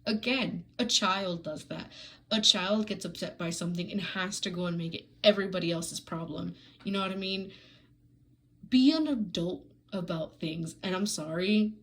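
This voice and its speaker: A woman's voice: on the low side, normal speed, a bit bright, rough recording. A woman giving a casual, sarcastic book review, ranting in an exasperated way with frequent "like" fillers and restarts.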